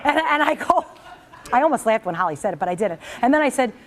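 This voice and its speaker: A woman's voice: a little high, fast. A middle-aged woman, a talk show host, telling a comic story in a chatty monologue and speaking straight to her audience. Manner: animated, chatty, addresses the audience directly.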